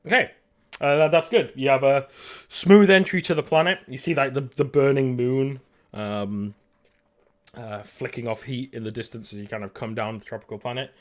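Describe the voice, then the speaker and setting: A man narrating a tabletop role-playing game as game master, halting often with fillers and restarts. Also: medium pitch.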